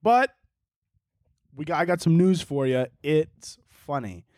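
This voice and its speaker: A young man talks through a casual solo podcast monologue, rambling, cursing freely and laughing as he goes. His voice sits fairly high for a man, and the recording is dry and close. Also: lively intonation, slow, darkish tone, no room sound. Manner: rambling, swears a lot, laughs often. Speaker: podcast host.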